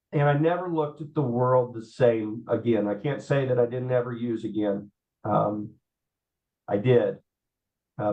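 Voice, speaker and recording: A man, telling his life story in an interview, halting with many fillers and repeats. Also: medium pitch. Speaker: guest. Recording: slightly dull audio.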